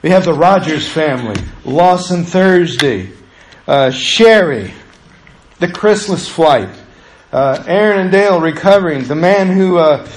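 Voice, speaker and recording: A man's voice: on the high side, lively intonation, a little slow, reverberant, low-quality recording. A middle-aged man, a pastor, preaching a passionate sermon to his church that builds to urgent pleas.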